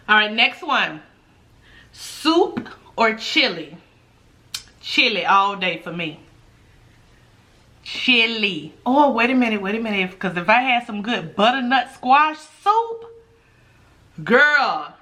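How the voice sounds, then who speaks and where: A woman hosts an eating video at her table, talking casually to her viewers between mouthfuls. Her voice sits a little high and sounds bright and forward, and she breaks into laughter often. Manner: chatty, laughs often, talks between bites. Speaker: mukbang host. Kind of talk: casual chat while eating.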